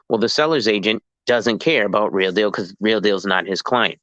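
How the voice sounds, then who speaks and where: A man, a licensed real estate agent, explaining the business in a casual chat and acting out deals in quick asides. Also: fairly low pitch, no echo, highs cut off. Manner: animated, acts out dialogue in quick asides.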